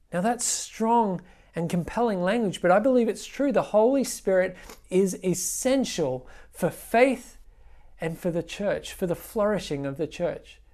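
A woman preaching a sermon, explaining scripture in a conversational way with pauses and asides. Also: medium pitch, warm tone.

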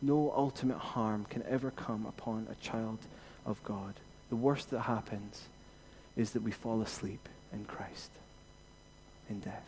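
A man preaching a sermon as pastor, rising to emphatic peaks and then dropping to quiet reassurance. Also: lowish voice, steady tone, unhurried, a little hiss or hum.

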